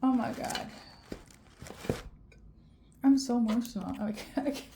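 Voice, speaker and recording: A woman's voice: on the high side, unhurried, vocal fry, background noise. Emotional tearful woman reading tarot. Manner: emotional, repeats "okay?" often. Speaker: tarot reader. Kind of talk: intuitive tarot reading to camera.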